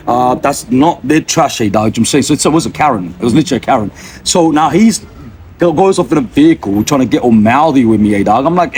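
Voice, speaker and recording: A man's voice: fairly high pitch, lively intonation, fast, a little mellow, a little hiss or hum. A man rambling to camera from a street bench, full of fillers and repeated slang tags. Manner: meandering, filler-heavy, keeps tagging sentences with a slangy address. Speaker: vlogger.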